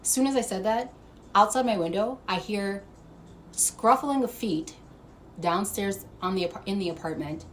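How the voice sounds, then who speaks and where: A woman vlogger telling a story to camera, animated and profane, laughing as she goes. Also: mid-range voice, moderate pace, slight background noise. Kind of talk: casual storytime monologue.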